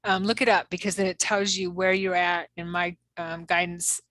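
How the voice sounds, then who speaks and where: A woman's voice: on the low side, flat delivery, moderate pace, fairly bright tone, no echo. Woman chatting casually, dry close sound. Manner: rambling, many fillers and restarts. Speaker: psychic medium co-host. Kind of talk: casual spiritual chat.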